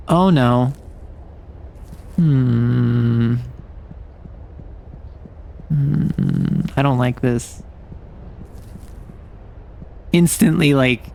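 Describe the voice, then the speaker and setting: A man's voice: medium pitch, gravelly, a little hiss or hum. A man streaming a game and talking through it in a playful, chatty way, reacting to everything with big, exaggerated responses. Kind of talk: casual game commentary.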